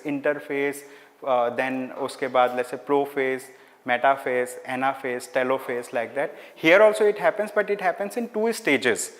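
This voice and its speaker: A man with an Indian English accent teaching an online class, explaining slowly, repeating key words and slipping into Hindi phrases. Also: fairly high pitch, fairly bright tone. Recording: hall-like reverb.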